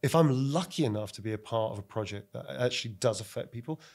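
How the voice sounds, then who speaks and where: A middle-aged man with a London accent, an actor and director chatting casually on a podcast, animated and laughing often. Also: medium pitch, fast talker.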